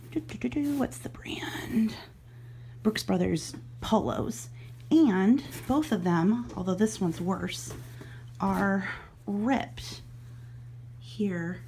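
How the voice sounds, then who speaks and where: A middle-aged woman vlogs casually from home, out of breath as she chats and thinks aloud while handling items she resells online. Her voice is medium-pitched, creaky and somewhat dark, with slight background noise.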